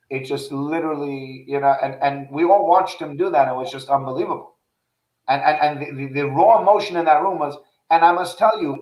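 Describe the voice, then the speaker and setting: A man's voice: a little high, darkish tone. Earnest storytelling man, echoey room. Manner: earnest, repetitive restarts, heartfelt storytelling. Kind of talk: casual conversation, personal storytelling.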